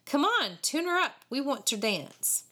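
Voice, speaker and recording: A woman's voice: medium pitch, big pitch swings, moderate pace, pushed and bright. Woman voicing rowdy jeering boys. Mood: mocking. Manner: mocking, taunting.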